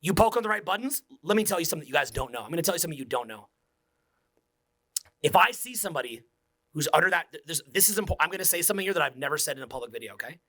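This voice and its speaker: A man's voice: on the high side, expressive, racing, fairly bright tone. A man in his forties, a social skills coach, giving an intense, profane motivational speech that drops to near-whispers. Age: 40s.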